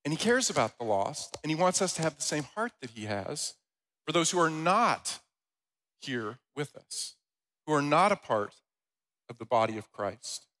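A man preaching a Sunday sermon as the church's pastor. He tells stories in a lively way and reads scripture aloud. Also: fairly high pitch, normal speed, poor audio. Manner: animated storytelling with loud, rising quoted voices.

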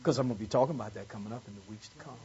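A man with a lowish, racing, darkish and husky voice, captured on a muffled recording, preaches a Sunday morning sermon at a church service. He works in call-and-response style, repeating phrases for emphasis and swelling into fervent peaks.

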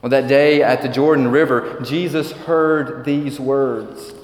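A man preaching a sermon as pastor, measured and slowing down when he quotes scripture. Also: mid-range voice, steady tone. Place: church sanctuary. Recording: echoey church hall.

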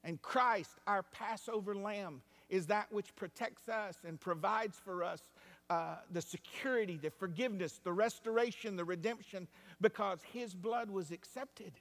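A male pastor preaching a sermon, moving between hushed, quiet passages and loud, rising climaxes. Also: high voice, moderate pace. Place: church sanctuary. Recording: long hall reverb.

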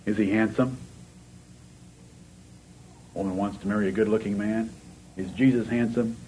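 A man preaching a sermon in a low voice, building his points through rhetorical questions. He climbs toward a fervent pitch as he presses each point. A faint noise sits under the recording. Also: fairly even intonation, moderate pace, mellow, poor audio.

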